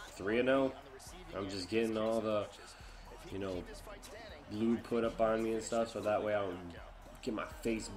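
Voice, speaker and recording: A man casually commentating on his own gameplay, chatting along and groaning or exclaiming when things go wrong. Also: on the low side. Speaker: gamer.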